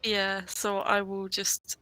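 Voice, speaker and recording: A woman's voice: medium pitch, monotone, slow, pushed and bright, dry recording, rough recording. A woman playing in a tabletop game, talking hesitantly with many ums and apologies. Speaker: player.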